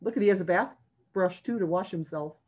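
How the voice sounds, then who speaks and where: A female children's librarian with a lowish voice reads a picture book briskly to young children over a video call. Her delivery is sing-song and animated, with pauses to ask the kids questions.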